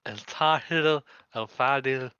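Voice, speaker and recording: A man's voice: mid-range voice, slow, pushed and bright, clear, resonant tone, lo-fi sound. A man in a casual voice chat, hesitant and stumbling as he tries to pronounce a long name. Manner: hesitant, stumbling over words. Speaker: viewer in voice chat.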